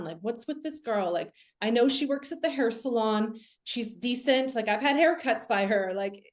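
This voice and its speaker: Woman, young adult, interview guest, earnest storytelling, slightly high voice, many fillers. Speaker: guest medium.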